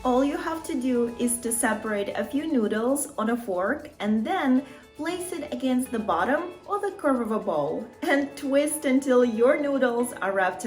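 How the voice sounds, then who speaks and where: A woman with a fairly high voice hosts a travel tips vlog, chatting warmly to her viewers and slipping in little laughs. Soft music hums faintly in the background. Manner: chatty and encouraging, addresses viewers as "fabulous people", laughs often. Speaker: travel vlogger. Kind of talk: upbeat tips vlog to camera.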